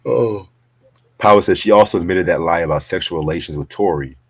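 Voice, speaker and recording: A man co-hosting a casual talk show, animated and incredulous, laughing often between remarks. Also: sits low, a little fast, slightly rough, dry recording. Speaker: podcast co-host. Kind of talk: casual chat.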